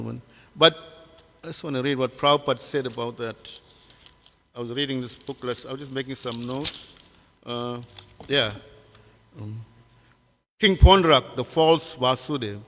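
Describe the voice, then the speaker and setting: A man giving a devotional scripture class, halting with many fillers and putting questions to his listeners. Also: mid-range voice, steady tone, a bit bright. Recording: long hall reverb.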